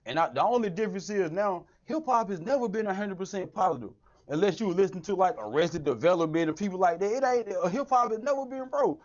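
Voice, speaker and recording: A man in casual chat, animated, who keeps saying "right, right" and "you know what I'm saying.". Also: sits high, fast talker. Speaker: podcast host. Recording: dull lo-fi audio.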